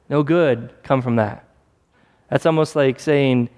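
A man delivers a sermon in an easy, conversational tone, now and then acting out short scenes. His voice sits at an ordinary middle pitch. It rings with the long reverb of a large hall. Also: slow pace, darkish tone. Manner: conversational preaching with acted-out asides. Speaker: preacher.

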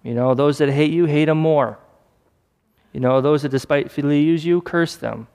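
A man's voice: fairly high pitch, moderate pace, darkish tone. A man preaching a sermon in a conversational way, acting out little scenes as he goes. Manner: conversational preaching with acted-out asides. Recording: long hall reverb.

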